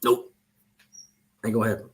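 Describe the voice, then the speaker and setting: A man hosting a casual sports chat show, talking loosely, joking and trash-talking. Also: normal speed. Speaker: show host.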